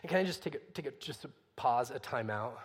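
A man's voice: medium pitch, animated, quick pace, slightly rough, in a large hall. A man preaching a sermon in a conversational way, full of rhetorical questions. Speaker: pastor.

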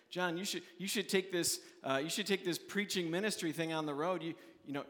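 A man's voice: normal speed, hardly any pauses, fairly bright tone, long reverb tail. A man preaching a sermon as pastor, earnest and conversational, often restarting his phrases. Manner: earnest, restarts often, voices quoted questioners in a raised pitch.

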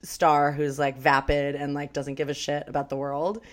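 A woman co-hosting a podcast, chatting casually about a film, animated, laughing and swearing often. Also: sits low, normal speed. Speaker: podcast co-host.

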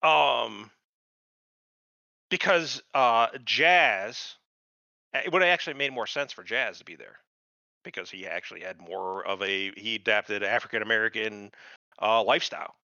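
A man's voice: lowish voice, expressive, a little slow, creaky, pushed and bright, no room sound. A middle-aged man co-hosting a podcast, ranting in casual chat with heavy profanity and disbelief. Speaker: podcast co-host. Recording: dull lo-fi podcast mic.

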